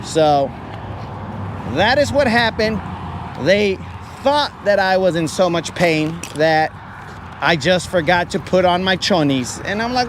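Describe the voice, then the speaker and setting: A man's voice: high voice, expressive, takes it slowly, background noise. A man telling a funny story in a casual, self-mocking way, acting out the voices of the people in it. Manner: joking, self-mocking, acts out quoted voices. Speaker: podcast host. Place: outdoors, fishing from a kayak.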